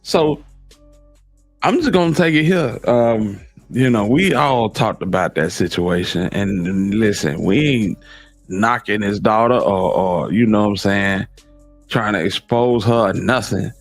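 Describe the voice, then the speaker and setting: A man's voice: lowish voice, unhurried, faint music behind. A man in casual commentary, reacting to clips with slangy, incredulous asides.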